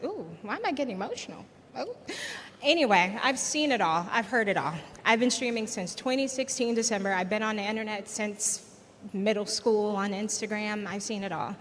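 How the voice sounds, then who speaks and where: A woman streamer speaking on a live panel, animated and emphatic, giving encouragement. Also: medium pitch, normal speed. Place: large event hall. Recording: hall reverb, faint noise.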